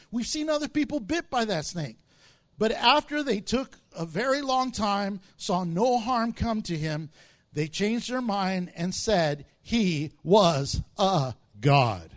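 A male pastor delivers a sermon in a strikingly high voice. He keeps it lively and jokey, telling stories and acting out other people's lines. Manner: animated storytelling with jokes and acted-out quotes.

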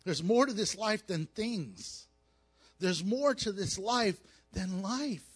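High-voiced animated pastor preaching. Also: male voice, slow pace, slightly rough, faint music behind. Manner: animated, jokey storytelling with acted asides. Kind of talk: sermon with humor.

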